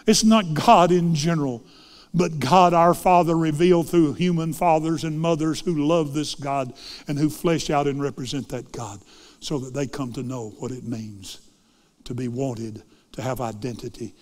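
A man preaching a sermon, swinging dramatically between loud fervent lines and hushed ones. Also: medium pitch, long reverb tail.

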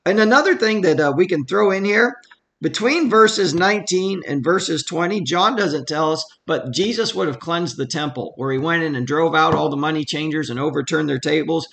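A man leads a relaxed Bible study from home in a fairly high, bright voice with a gravelly edge. He talks conversationally and then leans hard on the verses he reads aloud. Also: moderate pace. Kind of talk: casual verse-by-verse Bible teaching.

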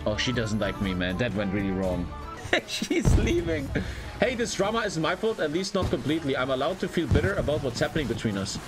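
A young man streaming a life-simulation game and giving loud, crude commentary to his chat, swinging from shouts to low mumbled asides. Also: huge pitch swings, a little fast. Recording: game music underneath.

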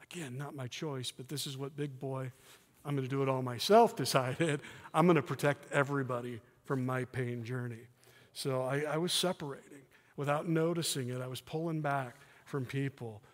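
A middle-aged man giving a sermon with personal testimony in a church, earnest and candid, with soft self-deprecating laughs. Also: mid-range voice, moderate pace. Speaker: guest preacher. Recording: long reverb of a church hall.

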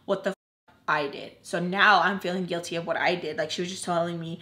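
A woman's voice: on the low side, fairly even intonation, brisk, bright, forceful tone. Young woman rambling through a storytime. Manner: rambling, fills with "like" constantly; candid, emphatic, cuts off swears. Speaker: YouTube storyteller. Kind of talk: casual storytime.

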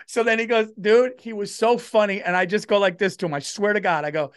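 A man's voice: sits high, expressive, fast talker, a bit bright. A middle-aged man, a comedian telling a story on a podcast and doing the voices of the people in it. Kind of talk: casual storytelling chat.

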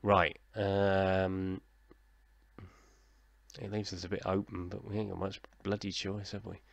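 A man's voice: deep voice, flat delivery, unhurried, gravelly, dry recording. A man, casually narrating his football management game like a commentator and chatting with himself in a self-deprecating way. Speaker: gaming YouTuber. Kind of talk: casual let's-play commentary.

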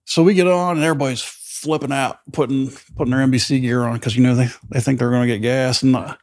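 Middle-aged male host, lively raconteur, mid-pitched, dry close mic. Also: fast, dry recording. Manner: animated, acts out quoted voices loudly. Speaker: podcast host. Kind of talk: casual storytelling chat.

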